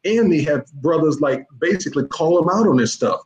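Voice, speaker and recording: A man's voice: fairly high pitch, lively intonation, a little fast, darkish tone. A middle-aged man, a youth mentor giving a guest interview, talks emphatically and repeats himself, often calling the host by name. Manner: emphatic, repetitive, keeps addressing the host by name. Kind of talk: casual interview talk. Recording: echoey room.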